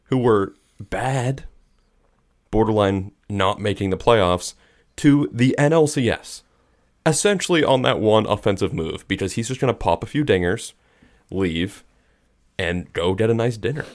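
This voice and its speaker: A man's voice: on the low side, animated, measured pace. A young man co-hosting a sports podcast, talking in a laid-back, hesitant way as he thinks aloud. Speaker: podcast co-host. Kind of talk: casual sports chat.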